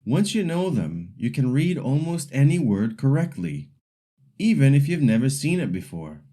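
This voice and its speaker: A man acts as the teacher in a scripted language lesson, patiently explaining rules and slowly modeling example words for the listener to repeat. His voice is medium in pitch, mellow and sing-song.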